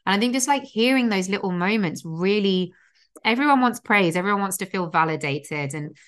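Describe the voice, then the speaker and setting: A woman's voice: medium pitch, expressive, brisk, a bit bright. A young woman hosting a podcast, talking casually and rambling, with lots of fillers and restarts. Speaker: podcast host. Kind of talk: casual chat.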